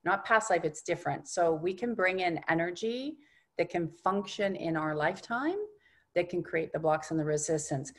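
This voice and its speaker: Lady doing an energy healing session, low-ish voice, soft and reassuring, goes quiet a lot. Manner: soft-spoken, often dropping to a hushed tone; unhurried, reassuring coaching. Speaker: energy healer.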